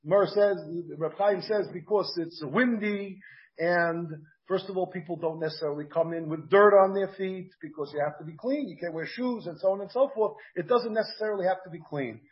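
A man's voice: high voice, brisk. A man with an American accent and Yiddish-Hebrew pronunciation teaches a Talmud class, thinking aloud and asking his students questions. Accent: American English with Yiddish-Hebrew pronunciation. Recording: dull, muffled class recording.

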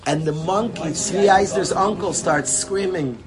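A man telling a joke and drawing a lesson from it, in a lively, rambling way and sprinkling in Yiddish words. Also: high voice, a little slow, over music. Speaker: storyteller and speaker. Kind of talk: animated storytelling talk with a lesson.

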